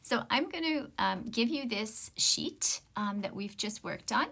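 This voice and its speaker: Slow, patient woman music teacher. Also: fairly high pitch, animated, vocal fry, a bit bright. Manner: slow, patient explaining, counting and chanting rhythm syllables. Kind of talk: online rhythm lesson.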